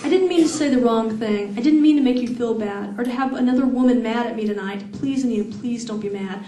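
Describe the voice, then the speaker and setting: A woman's voice: on the high side, quick pace, mellow, close to an everyday voice. A woman reading aloud as a troubled young man who pleads in a subdued way. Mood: upset. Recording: echoey room, far from mic.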